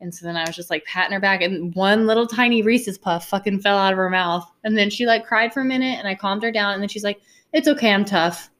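A woman's voice: mid-range voice, fast, hardly any pauses, fairly bright tone. A woman in her thirties chatting casually, wry and weary, swearing often. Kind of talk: casual chat.

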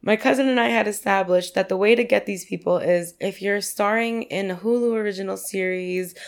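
Gravelly New York woman telling stories. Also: mid-range voice, a little fast. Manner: chatty, lots of "like" and swearing. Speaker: podcast guest. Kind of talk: casual storytelling chat.

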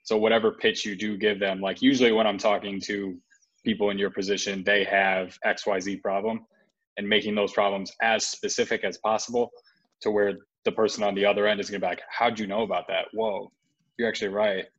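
A man giving casual sales advice on a panel in a measured, even way. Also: on the low side. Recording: dull lo-fi audio.

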